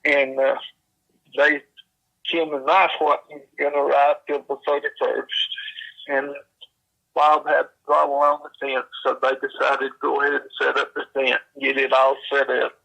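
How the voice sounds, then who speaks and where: A man, slowly retelling a secondhand encounter in plain, folksy speech with frequent fillers. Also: medium pitch, little pitch movement, vocal fry, sharp tone, low-quality recording. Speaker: storyteller.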